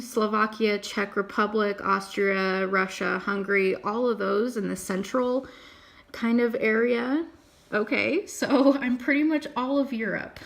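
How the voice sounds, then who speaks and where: A young woman vlogger with a medium-pitched, creaky voice talks casually at her computer. She chats and thinks aloud as she reads through results.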